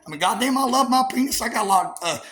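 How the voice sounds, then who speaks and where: A man's voice: very high-pitched, lively intonation, quick pace, a bit bright. A man in an angry, profane monologue to his viewers, combative and stammering through many fillers. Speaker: vlogger.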